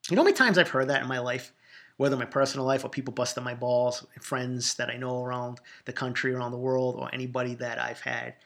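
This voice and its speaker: A man's voice: mid-range voice, steady tone, fast, gravelly, a bit bright. A man with a Boston accent hosting a solo podcast, answering listener questions in an emphatic, profane, boastful way. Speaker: podcast host.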